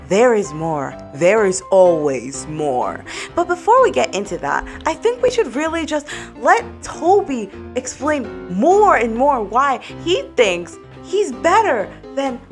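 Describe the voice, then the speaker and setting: A woman hosting a comedic podcast skit, sassy, theatrical and exasperated. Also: medium pitch. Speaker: podcast host.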